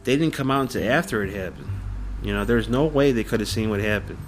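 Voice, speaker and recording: A man's voice: lowish voice, fast, faint music behind. A man recounting events in an interview, plain-spoken and emphatic, swearing freely. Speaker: interviewee, former witness. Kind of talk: recorded interview.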